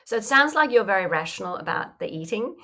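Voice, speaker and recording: Woman, mindfulness coach, reflective, conversational, medium pitch. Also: sing-song, fast, bright, forceful tone. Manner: reflective, acts out inner voices in quotes, frequent "you know". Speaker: mindfulness coach, podcast guest. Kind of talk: conversational interview answer.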